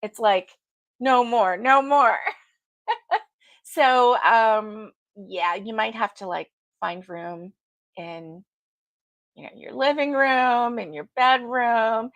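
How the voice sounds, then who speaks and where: A woman hosts a relaxed live stream, chatting with her viewers, calling them by name and laughing often. Her voice sits a bit high, and the sound is dry and close, with no room echo. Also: takes it slowly, long pauses, dull audio. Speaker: livestream host. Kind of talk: casual live chat with viewers.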